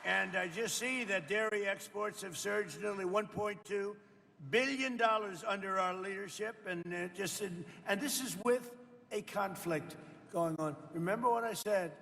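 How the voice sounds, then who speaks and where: A man's voice: high voice, normal speed, vocal fry, sharp tone, in a large hall. An older man, a president, giving a rambling off-the-cuff speech to farmers, boasting and turning to the audience with chatty asides. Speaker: president speaking at a farmers' roundtable. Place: indoor roundtable event.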